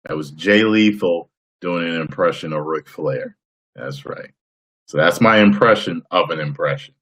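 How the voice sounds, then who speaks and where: Very deep-voiced man chatting on a live stream. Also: normal speed. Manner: playful, boastful, bursts into loud whoops and impressions. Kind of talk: casual live-stream chat with viewers.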